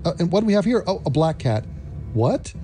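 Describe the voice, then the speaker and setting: A man's voice: high voice, big pitch swings, fairly quick, warm tone, soft background music. A man hosting an opinion commentary vlog, talking in a sarcastic, mocking way.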